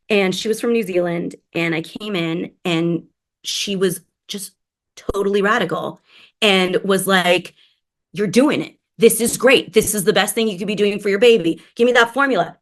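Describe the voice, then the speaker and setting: A woman in her thirties, a podcast guest telling a candid personal story and acting out the voices of people she quotes. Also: lowish voice. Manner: animated, acts out quoted voices.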